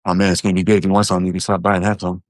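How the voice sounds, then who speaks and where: In a dry, close recording, a man with a very low voice fires off rapid-fire, joking commentary to his live stream viewers. His pitch barely moves as he rambles from thought to thought, full of fillers and restarts.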